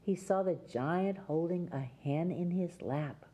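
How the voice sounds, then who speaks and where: A woman hosts a children's show, reading a fairy tale aloud and talking straight to young viewers. Her voice is mellow and slightly low, with an unhurried, gentle, sing-song delivery.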